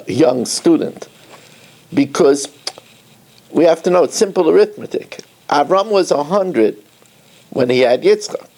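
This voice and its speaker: A man, a rabbi giving an animated Torah lecture who breaks into snatches of song and asks pointed questions. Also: medium pitch, creaky.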